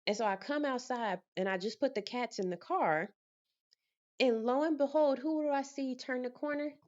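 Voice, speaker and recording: A woman vlogger in casual storytime mode, telling her story with lively energy and acting out the conversations. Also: sits high, moderate pace, dull audio.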